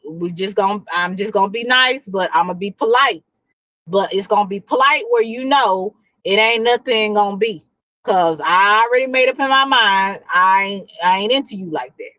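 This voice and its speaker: A woman's voice: medium pitch, a bit bright, no echo, low-quality recording. A woman with a Texan accent hosting a livestream, giving blunt, preachy relationship advice with lots of restarts. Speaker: livestream host. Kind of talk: casual livestream talk.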